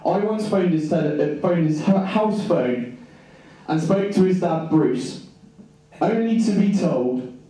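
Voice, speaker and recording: A man's voice: fairly high pitch, lively intonation, measured pace, dark tone. Man giving a teasing best man speech. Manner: teasing, joking. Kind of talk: wedding speech. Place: wedding reception hall. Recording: echoey hall from far off, noisy.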